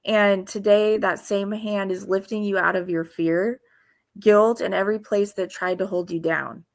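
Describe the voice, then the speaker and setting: A woman giving informal devotional teaching in an earnest, halting way, with pauses and restarts. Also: mid-range voice, steady tone, gravelly. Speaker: faith video host.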